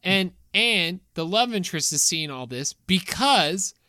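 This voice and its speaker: A woman in casual conversation, retelling a movie plot quickly with lots of restarts. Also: fairly low pitch, expressive, sharp tone, no echo, clean studio sound. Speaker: podcast co-host. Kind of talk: casual movie recap chat.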